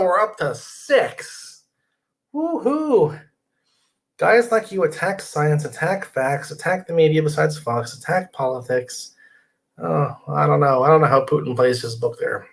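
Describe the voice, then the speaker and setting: A man's voice: on the high side, expressive, measured pace, vocal fry. A middle-aged man hosting a casual live stream from his computer desk, rambling, reading viewer comments aloud and inviting people to join.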